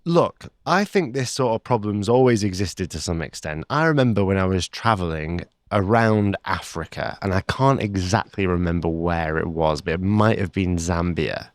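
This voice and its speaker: A man co-hosting a travel podcast, telling stories in a relaxed, chatty way. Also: low-pitched, normal speed, hardly any pauses, dry recording, studio quality. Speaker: podcast co-host. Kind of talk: casual chat.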